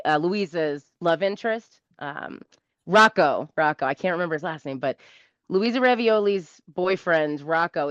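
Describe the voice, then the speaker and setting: A woman in her thirties with a thick South Shore Massachusetts accent tells stories as a comedy guest, rambling and laughing often. She speaks in an animated, casual way. The recording sounds dull and lo-fi, with a dry, close sound. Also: on the low side, no echo. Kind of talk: casual storytelling interview.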